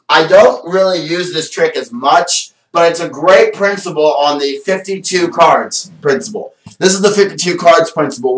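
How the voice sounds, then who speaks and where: Recorded from a distance in an echoey room, a man with a fairly high, slightly bright voice performs a card trick on camera with showman patter. Afterward he slips into casual vlog chat, enthusiastic and rambling about the trick.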